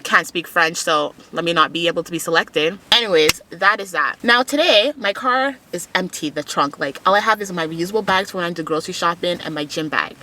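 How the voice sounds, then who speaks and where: A young woman talks straight to her viewers in an easygoing vlog. Her voice sits fairly low but sounds bright and forward. She tells stories in a lively, chatty way. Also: fairly quick, few pauses, a little hiss or hum. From Montreal, Canada. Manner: chatty, animated storyteller, laughs often. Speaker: fitness vlogger. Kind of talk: casual vlog chat to camera.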